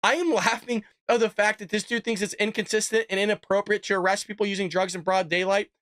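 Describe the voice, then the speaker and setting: A man's voice: high voice, steady tone, fast talker, a bit bright, dry recording, clean studio sound. A man hosting a show, reading a news story aloud and reacting to it with incredulous, sarcastic commentary aimed straight at his viewers. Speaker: host.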